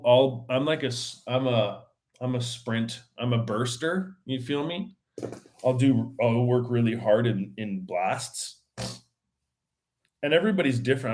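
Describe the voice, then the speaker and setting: A man's voice: mid-range voice, a little mellow. A man hosting his own podcast, chatting casually on his own in a rambling, slangy way with many fillers and restarts. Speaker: podcast host. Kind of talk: casual solo chat.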